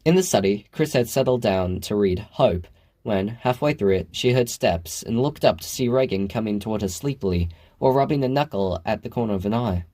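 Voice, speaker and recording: A man reading a novel aloud as an audiobook narrator, in a measured storytelling manner. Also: on the low side, expressive, dark tone. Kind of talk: scripted narration.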